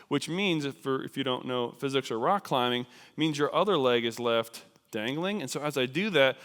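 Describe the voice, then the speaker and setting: Bright animated man in church reverb. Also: medium pitch, smooth. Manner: animated, self-deprecating storytelling with frequent fillers. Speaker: missionary speaker. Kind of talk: storytelling sermon. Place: large church sanctuary.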